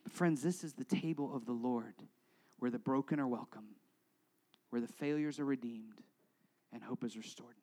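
A man preaching as a pastor, guiding a congregation through communion, talking directly to them and swinging from loud urging to hushed prayer. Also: medium pitch, moderate pace, pauses often, poor audio. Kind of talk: sermon leading communion.

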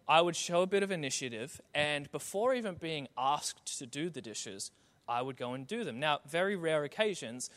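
A young man preaches with animated, self-mocking storytelling. His voice sits high and sounds bright and forceful. Long reverb from a large hall trails his words. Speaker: pastor. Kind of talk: sermon.

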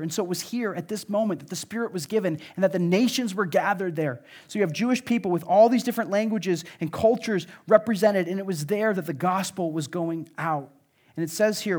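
A man's voice: sits high, darkish tone. A man with a Midwestern American accent preaching a sermon to his church, earnest and conversational, with frequent fillers and restarts. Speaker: pastor.

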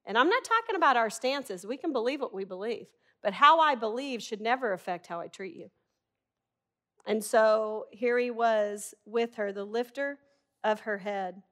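A woman's voice: on the high side, expressive, moderate pace, a bit bright. A middle-aged woman preaching a sermon in a conversational, humorous and emphatic way.

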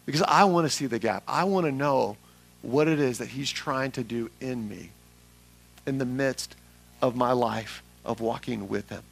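A young adult man from Atlanta, preaching a sermon to a congregation, building from quiet reflection to loud emphatic calls. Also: medium pitch, moderate pace, creaky, breathy edge. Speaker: pastor. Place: church sanctuary with congregation.

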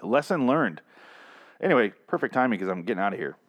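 Male podcast host, hoarse strained voice, low pitch, casual and profane, rambling. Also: big pitch swings, fast. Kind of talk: casual solo podcast talk.

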